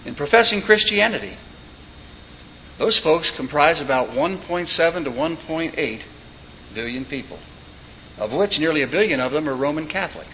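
A man delivering a sermon in a folksy, joking manner, his voice pitched a little high for a man. He drops wry asides and little anecdotes among his points. The recording sounds dull and lo-fi, with a faint hiss of background noise underneath. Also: expressive, normal speed, pauses often, bright, forceful tone. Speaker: preacher.

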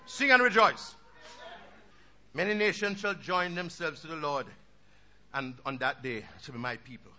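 A man preaching a sermon with fervour, dropping into low asides and rising to shouted peaks. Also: moderate pace. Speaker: pastor. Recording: dull lo-fi recording with faint noise.

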